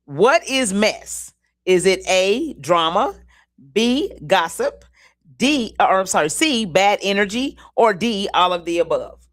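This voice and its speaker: A woman co-hosting a community show, reading trivia questions slowly and deliberately and laughing often. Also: medium pitch, very animated. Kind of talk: casual radio-style chat, game quiz.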